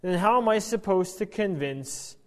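A man's voice: sits high, animated, normal speed, pitched above the performer's own voice. A man voicing a reluctant, anxious man who pleads and stammers through his excuses, in a reverberant hall. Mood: exasperated.

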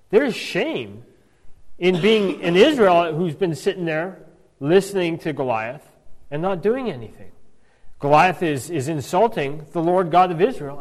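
A man's voice: fairly high pitch, big-room sound. A man reading a Bible passage aloud and explaining it, often repeating words as he restarts and checking in with "right?". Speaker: Bible teacher.

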